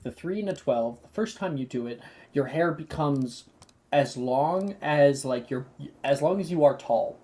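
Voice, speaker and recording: Easygoing game master with a dark, mellow voice, narrating spell results to the table. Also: medium pitch, measured pace. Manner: easygoing, laughs often, relaxed.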